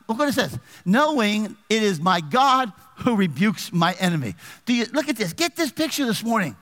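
A man's voice: high-pitched, big-room sound. A male pastor preaching a sermon, reading scripture and asking the congregation questions. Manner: animated preaching with call-and-response questions to the congregation. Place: church sanctuary.

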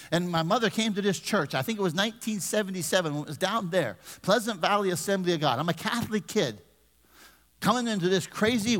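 A man's voice: high voice, fairly bright tone, long reverb tail. A man in his fifties, a pastor preaching a conversational sermon with humor and questions to the congregation. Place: church sanctuary.

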